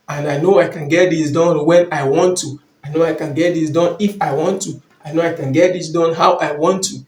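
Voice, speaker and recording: A man's voice: on the high side, darkish tone, echoey room. A man giving a motivational dating and confidence talk, repeating his points emphatically and calling the listener brother.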